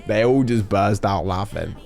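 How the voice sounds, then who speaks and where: A man's voice: fairly low pitch, normal speed, gravelly, a little mellow, soft background music. A young man from the UK telling a story in casual stream chat, rambling and interrupting himself, laughing often.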